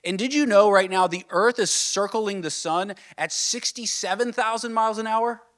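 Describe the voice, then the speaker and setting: A man preaching a sermon as pastor, earnest, asking the listeners questions and dropping to a soft, low voice on key points. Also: normal speed. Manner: earnest, builds with rising questions then drops soft.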